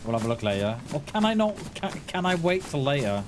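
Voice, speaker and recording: A man's voice: fairly high pitch, big pitch swings, fast talker, background noise. Chatty man streaming a game. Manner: laughing, chatty, addresses chat as mate. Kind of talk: live gameplay stream chat.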